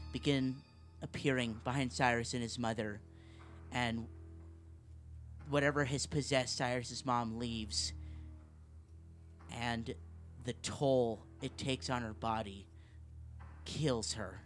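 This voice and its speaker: A man in a mid-range voice narrates a tabletop game, setting each scene slowly and in detail. He sometimes restarts a phrase, and faint music plays behind him. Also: medium pitch, steady tone, a bit bright. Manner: slow and descriptive, with some restarts. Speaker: game master.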